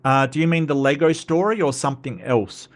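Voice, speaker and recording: A man's voice: a little high, brisk. A man from Western Australia with an Australian accent, hosting a casual livestream and chatting with viewers in a rambling way full of asides. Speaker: host reading live chat.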